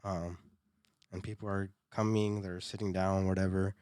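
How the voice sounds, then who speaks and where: A young man with a fairly low voice tells a story on a podcast, loose and chatty, laughing and swearing as he goes. He stumbles over and repeats words. The sound is close and dry, with no room around it. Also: level tone, normal speed, a little mellow, smooth, dry recording. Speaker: podcast co-host. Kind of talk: casual storytelling chat.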